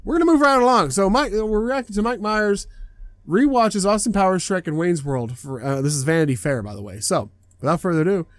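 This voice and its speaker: A man hosting a reaction video, chatting casually in an excitable, rambling way and laughing often. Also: sits high, fairly quick, no echo, clean studio sound.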